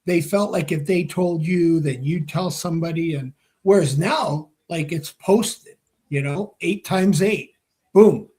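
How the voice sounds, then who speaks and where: A man, a former hockey player and interview guest, telling a long story with lively acted-out dialogue and casual swearing. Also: on the high side, unhurried. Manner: animated storyteller, acts out quoted dialogue, swears freely.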